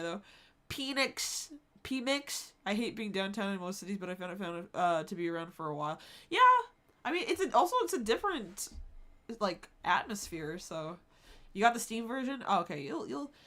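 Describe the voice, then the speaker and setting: A woman's voice: mid-range voice, fairly bright tone. A woman streaming live, chatting casually with her viewers, swearing freely and laughing often.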